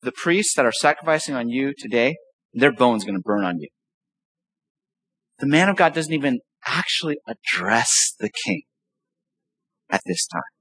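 A man preaching a sermon as pastor, reading scripture aloud and explaining it with emphatic, animated delivery and rhetorical questions. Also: medium pitch, moderate pace, long pauses, husky, rough recording.

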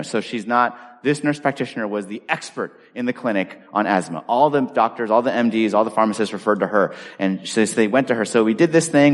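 Animated male pastor in a reverberant hall. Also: mid-range voice. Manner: animated storyteller acting out dialogue. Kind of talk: storytelling sermon. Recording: long reverb of a large hall.

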